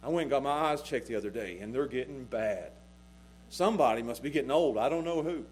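A middle-aged man preaching a sermon as pastor, swinging between hushed lines and loud, emphatic ones. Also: mid-range voice, lively intonation, fairly quick, a little hiss or hum.

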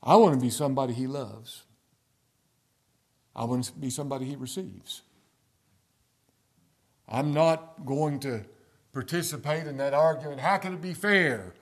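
Gravelly-voiced man preaching a sermon. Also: mid-range voice. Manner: emphatic preaching, swinging from soft near-whispers to loud stresses. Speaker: pastor. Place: church sanctuary.

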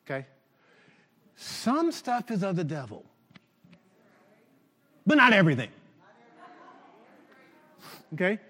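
A man preaching a sermon to his church, animated and shouting at the peaks. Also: sits high, in a large hall. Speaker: pastor.

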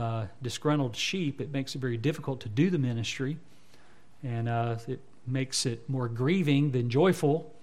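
A man, a pastor preaching an expository sermon. He talks to the congregation in a conversational way and builds to fervent emphasis. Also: mid-range voice.

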